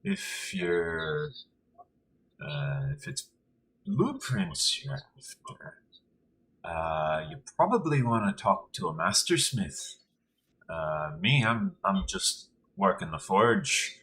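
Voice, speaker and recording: A man playing a gruff low-voiced dwarf blacksmith. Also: big pitch swings, fairly bright tone, slight background noise, heavily acted, low-quality recording. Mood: hesitant. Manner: hesitant, halting, full of ums. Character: gruff male dwarf blacksmith, modest forge worker.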